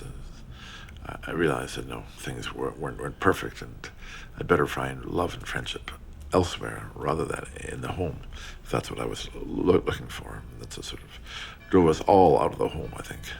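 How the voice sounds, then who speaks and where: An older man in a documentary interview, speaking in a halting way, repeating words and trailing off into a whisper. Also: extremely low pitch, animated, vocal fry, a little hiss or hum.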